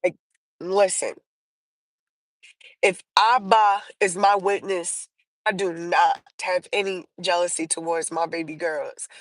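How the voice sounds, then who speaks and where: Slow-talking woman telling stories. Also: fairly low pitch, fairly even intonation, dry recording, poor audio. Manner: rambling, many fillers and restarts. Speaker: livestream host. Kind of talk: casual storytelling chat.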